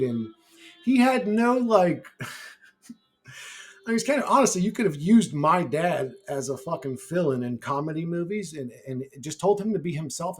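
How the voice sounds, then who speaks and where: A man telling a rambling personal story to camera in a brash, profane way. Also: mid-range voice. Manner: brash, heavy swearing, rambling. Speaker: YouTuber. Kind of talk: casual storytelling.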